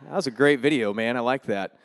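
A man giving a guest sermon in a church, casual and joking, with energetic preaching. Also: medium pitch, fairly quick, dry recording, clean studio sound. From Denver area, US. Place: church sanctuary.

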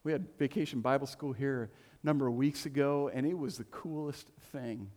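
A man's voice: medium pitch, moderate pace, darkish tone. A man preaching a sermon as a pastor in a church, conversational and joking, with playful asides. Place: church sanctuary. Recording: long reverb of a church hall.

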